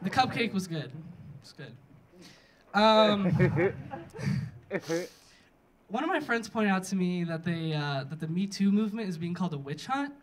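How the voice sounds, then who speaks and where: A young man doing a stand-up set and hosting, deadpan and self-mocking, then speeding into animated rants. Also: sits high, unhurried, long pauses. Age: young adult. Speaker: stand-up comic and host. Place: comedy club stage. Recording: live room with crowd laughter.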